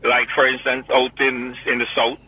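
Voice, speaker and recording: Grenadian guy calling in, rambling and teasing, raspy voice, dull phone sound. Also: mid-range voice, completely flat delivery, normal speed. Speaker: caller. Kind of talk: casual call-in chat. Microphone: telephone. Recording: muffled phone line.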